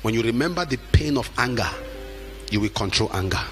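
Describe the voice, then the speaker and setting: A middle-aged man preaching a sermon with emphatic delivery, at times shouting and acting out the people he quotes. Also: mid-range voice, animated, brisk, over loud music.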